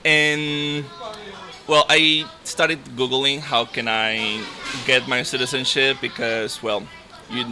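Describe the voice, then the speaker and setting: A man's voice: mid-range voice, little pitch movement, slow, noisy background. A man in his thirties from Nicaragua with a Nicaraguan Spanish accent, a native Spanish speaker chatting easily as an interview guest. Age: 30s. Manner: easygoing, laughs often. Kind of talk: casual interview chat.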